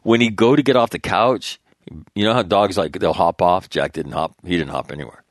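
A man's voice: low-pitched, fairly quick, dry recording, studio quality. A man hosting a talk show, reading headlines and drifting into loose, rambling stories with frequent laughs. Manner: rambling, animated storytelling with laughs. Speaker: show host. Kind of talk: casual talk show monologue.

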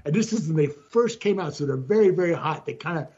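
An older man, a regular panelist, telling a story in casual chat with halting restarts. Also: on the high side, lively intonation, darkish tone, husky, muffled recording.

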